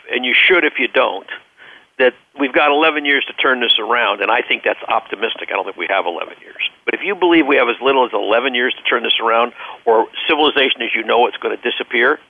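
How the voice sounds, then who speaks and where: A man's voice: medium pitch, lively intonation, quick pace. Earnest man on a tinny phone line. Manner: earnest, storytelling, repeats words while searching. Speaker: interview guest, business leader. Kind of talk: radio phone interview.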